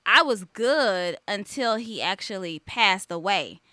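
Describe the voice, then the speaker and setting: A woman's voice: medium pitch, animated, slow pace, bright, forceful tone, no room sound, studio quality. A woman hosting a talk radio show, telling personal stories candidly in a casual chat. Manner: candid, emotional personal storytelling. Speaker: host. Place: studio.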